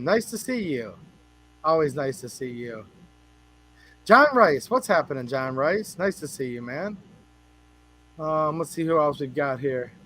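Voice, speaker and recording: A man's voice: fairly high pitch, a bit bright, low-quality recording. A man hosting a casual livestream, chatting with viewers and greeting them by name in a rambling, joking way. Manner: chatty, rambling, jokes with chat. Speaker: livestream host.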